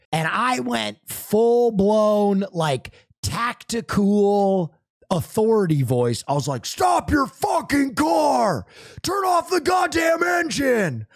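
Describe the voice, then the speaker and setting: A male streamer telling a story in casual chat, animated and profane, acting out sounds. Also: high-pitched, no echo, studio quality.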